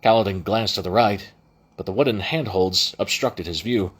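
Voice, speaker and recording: A man's voice: lowish voice, normal speed, breathy edge. A man reading a novel aloud as an amateur audiobook narrator, with frequent restarts and self-corrections. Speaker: audiobook reader.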